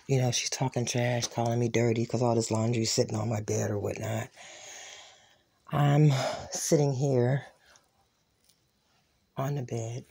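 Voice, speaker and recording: An adult vlogger casually recounting a personal altercation while walking through a home, often dropping into a hushed whisper and acting out the quoted lines. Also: mid-range voice. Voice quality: raspy, gravelly. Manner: reenacts quoted dialogue. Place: inside a home.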